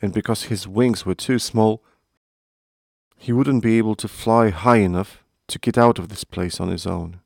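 A man narrating a storybook in a measured, earnest way. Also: lowish voice, vocal fry, a little mellow, no echo, clean studio sound.

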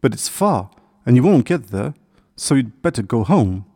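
A man's voice: medium pitch, very animated, moderate pace, mellow, no echo, clean studio sound. A man voicing a proud, self-important little male sparrow who talks in a lofty, lecturing way in a children's story. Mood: brisk. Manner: lofty, lecturing, a bit evasive. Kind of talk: storybook character voice.

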